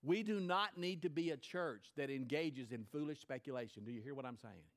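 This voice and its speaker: A man preaching a sermon to his church, emphatic, rising high and loud then dropping low and quiet. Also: fairly quick. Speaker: pastor.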